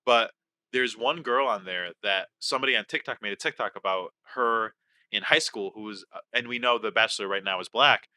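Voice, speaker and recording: A man co-hosting a casual podcast, talking in an animated, excitable way with swearing and quick asides. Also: lowish voice, no echo. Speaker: podcast co-host.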